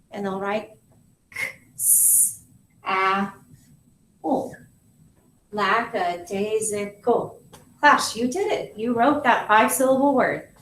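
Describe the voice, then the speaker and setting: Woman teacher, fairly high voice, deliberate spelling drill, echoey classroom, mic at a distance. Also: a little hiss or hum. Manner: slow, deliberate sounding-out of syllables and letters. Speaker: grammar school teacher. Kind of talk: demonstrating a spelling lesson to parents.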